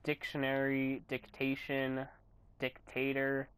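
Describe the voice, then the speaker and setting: A young man giving rambling, goofy commentary while recording his own game, often bursting into yells and silly voices. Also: medium pitch, completely flat delivery, slow pace, clear, resonant tone, dry recording. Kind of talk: gameplay commentary.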